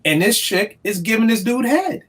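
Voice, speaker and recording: A man in casual podcast talk, telling stories in a lively way and acting out the people he quotes. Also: high-pitched, normal speed, husky. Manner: animated storyteller, acts out quotes.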